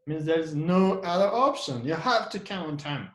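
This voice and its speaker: A man's voice: on the high side, animated, a little fast, hardly any pauses. A male teacher speaking in a slightly raised register. He runs the lesson by asking questions and answering them himself, and he repeats and stresses example sentences. The room around him rings with echo. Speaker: English teacher. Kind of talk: classroom grammar lesson. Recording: echoey room.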